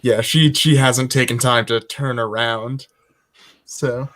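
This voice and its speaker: A man playing a character in a tabletop game, soft-spoken and accommodating. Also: mid-range voice, fairly even intonation, slow. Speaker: player.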